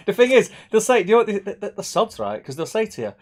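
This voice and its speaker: A man's voice: high-pitched, sing-song, quick pace. A man co-hosting a casual hobby stream, reading viewer comments aloud, laughing often and trailing off.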